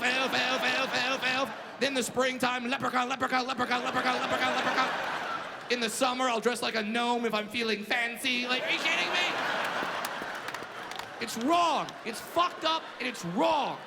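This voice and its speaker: A man's voice: very high voice, fairly even intonation, moderate pace, vocal fry. A male stand-up comedian doing a brash, profane, ranting set on a club stage with an audience. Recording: reverberant live club with crowd noise.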